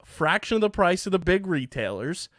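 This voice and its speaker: A man's voice: high voice, big pitch swings, no echo, studio quality. A man hosting a casual podcast, joking around and reading a sponsor spot with lots of fillers. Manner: jokey, filler-heavy, quick. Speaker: podcast host.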